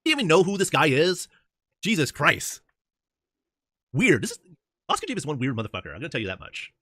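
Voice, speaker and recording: A man talking as a guest in a casual chat, animated and mocking, with plenty of swearing. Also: on the high side, fast talker, no echo, clean studio sound. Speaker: debate guest.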